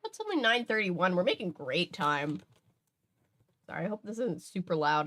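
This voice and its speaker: Brief: woman host reading a mystery novel aloud, relaxed and chatty, fixes slips as she goes. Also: on the low side, normal speed. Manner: relaxed, self-correcting, laughs at asides. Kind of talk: casual read-aloud with chatty asides.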